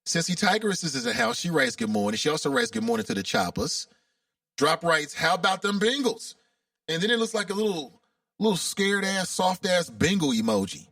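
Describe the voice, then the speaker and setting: A man's voice: high voice, creaky, fairly bright tone, no room sound, clean studio sound, recorded from a distance. A man from Cincinnati hosting a casual call-in radio talk show, chatty and openly emotional. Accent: Cincinnati, Ohio.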